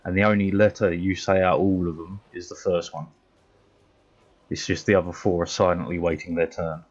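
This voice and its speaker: Low-voiced and fairly monotone, this man from England talks at a normal speed while gaming on stream, rambling casually to his viewers with a bit of mild swearing. The audio is dull.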